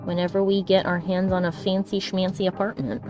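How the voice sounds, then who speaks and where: A woman's voice: medium pitch, level tone, moderate pace, music in the background. Chatty woman streaming while drawing. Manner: chatty and affectionate, laughs often. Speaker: streamer and artist. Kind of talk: casual chat while drawing.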